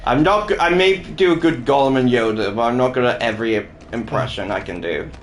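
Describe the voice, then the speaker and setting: A young man chatting casually while playing a game, reacting with quick jokes and swearing. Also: mid-range voice, echoey room, a little hiss or hum. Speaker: gaming co-host. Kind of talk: casual chat while gaming.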